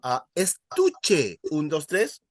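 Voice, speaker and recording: Slow, unhurried male Spanish teacher. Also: on the high side. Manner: encouraging, counts students in and praises answers. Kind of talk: classroom language lesson.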